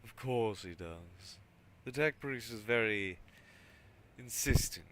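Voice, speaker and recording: A man's voice: fairly low pitch, slow pace, a bit bright. A man voicing a harried male planetary governor, reading the lines in a tired, put-upon way. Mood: weary.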